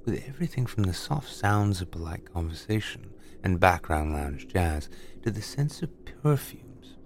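A man reading a scripted horror story aloud as a narrator, with measured, deliberate, dramatic delivery. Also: deep voice, big pitch swings, darkish tone, slight background noise.

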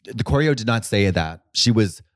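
A man's voice: on the low side, animated, moderate pace, no echo. A man co-hosting a podcast in casual chat, rambling and swearing, with many restarts and fillers. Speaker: podcast co-host.

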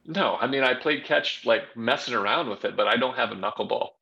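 A man's voice: medium pitch, fairly quick, creaky, bright, forceful tone. A man co-hosting a podcast, telling loose, rambling stories in casual chat. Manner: loose, rambling storytelling with fillers. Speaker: podcast co-host, former pitcher. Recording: dull lo-fi sound.

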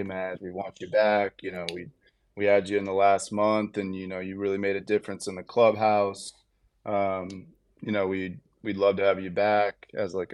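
With a fairly low voice and no echo in the recording, a baseball player in his thirties appears as a podcast guest. He tells a lengthy story casually and with animation, acting out people's lines and filling his speech with fillers.

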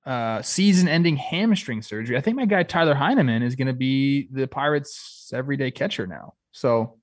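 A man's voice: medium pitch, animated, normal speed, dry recording, studio quality. A man co-hosting a casual sports podcast, talking in a loose, rambling way. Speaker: podcast co-host.

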